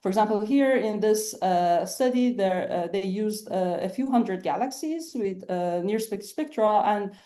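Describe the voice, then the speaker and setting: A woman's voice: mid-range voice, animated, warm tone. A woman researcher giving a scientific lecture over a video call, explaining steadily with frequent "uh" fillers. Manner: many "uh" fillers, measured explanatory pace. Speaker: astronomy researcher giving a webinar talk.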